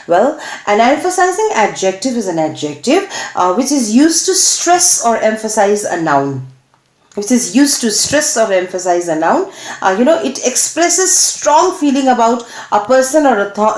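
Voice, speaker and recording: A woman teacher with an Indian English accent giving a grammar lesson, halting with many fillers and checking questions to the class. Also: a little high. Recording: echoey room.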